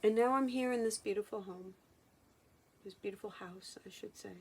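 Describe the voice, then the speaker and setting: A woman hypnotherapist speaking in a personal vlog monologue, halting and reflective, often restarting her sentences. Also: medium pitch, breathy edge. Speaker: hypnotherapist and channeler.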